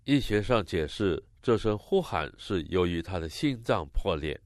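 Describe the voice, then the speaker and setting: A man interpreting a sermon line by line, expressive and rising on the quoted cries. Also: sits low, moderate pace, no room sound, clean studio sound.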